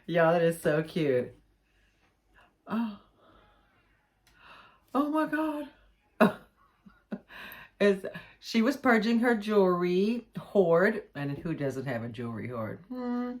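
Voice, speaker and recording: A woman's voice: on the low side, very animated, slow, pauses often, darkish tone. A woman vlogging at home, unboxing a parcel in a gushing, exclamatory way and calling her viewers y'all. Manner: gushing, exclamatory, laughs often. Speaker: jewellery vlogger. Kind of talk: excited unboxing vlog. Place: home, with a pet nearby.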